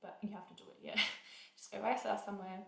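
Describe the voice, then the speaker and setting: A woman's voice: medium pitch, fairly even intonation, quick pace, gravelly, pushed and bright. A woman teaching singing in a casual, chatty way, often saying "like" and "um" as she explains. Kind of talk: casual vocal lesson. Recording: echoey room.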